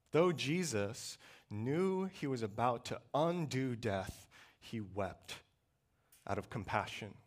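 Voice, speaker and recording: A man preaching a sermon in a church, earnest and measured, slowing down and pausing to press his points. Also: medium pitch, a bit bright. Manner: earnest, measured preaching with slow emphatic pauses.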